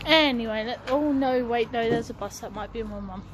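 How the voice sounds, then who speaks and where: This young woman, a vlogger, has a brisk, high-leaning voice as she chats casually into her phone, cursing freely while strolling beside a bus stop on a busy street. The outdoor recording is loud with street traffic, including buses going past.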